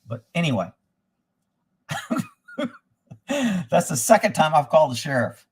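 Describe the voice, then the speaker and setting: High-voiced man ranting profanely. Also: big pitch swings, measured pace, pauses often, breathy edge. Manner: profane, angry, rambling rants; reads out viewer locations and comments. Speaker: livestream host. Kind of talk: ranting livestream monologue.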